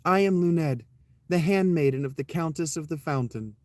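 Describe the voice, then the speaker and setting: A man's voice: fairly high pitch, moderate pace, no echo, voice pushed up, natural voice. A man reading the lines of an imprisoned, loyal young handmaiden in a storybook tale, in a plain reading voice. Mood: earnest.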